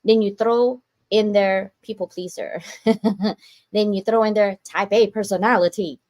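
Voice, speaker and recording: A woman hosting a podcast in casual chat, animated and acting out little voices of other people. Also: medium pitch, unhurried, no echo. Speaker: podcast host.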